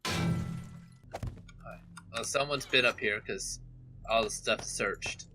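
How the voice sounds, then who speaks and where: Bright-voiced man explaining game mechanics. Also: on the low side, measured pace, faint music behind. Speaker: co-op gameplay host. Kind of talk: casual gaming chat. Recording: faint background noise.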